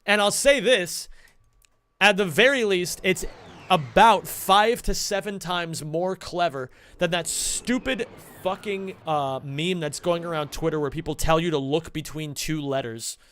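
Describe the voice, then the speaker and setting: A man streaming casually, chatting to his viewers in an excitable, rambling way and swearing a lot. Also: on the high side, a little slow, slight background noise. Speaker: streamer and speedrunner. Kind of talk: casual live-stream chat.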